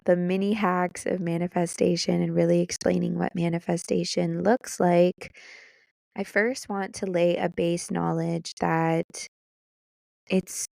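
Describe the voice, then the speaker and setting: Young woman podcast host, fry in her lower voice, unhurried, excited and teary. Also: dry recording, clean studio sound. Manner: excited and emotional, laughing, fighting back tears. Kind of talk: casual solo podcast monologue.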